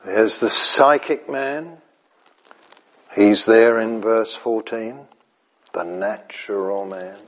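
A man's voice: fairly low pitch, slow pace, long pauses. A man preaching an evening sermon. He shifts between emphatic repetition and near-whispers, chuckles, and checks whether his listeners follow him. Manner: animated, repeats phrases, drops to near whispers; chuckles and asks the audience if he makes sense.

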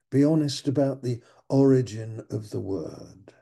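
A man preaching a sermon, halting and repeating his words as he circles back over a point. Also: mid-range voice, gravelly, warm tone. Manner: halting, repeats words while searching for them.

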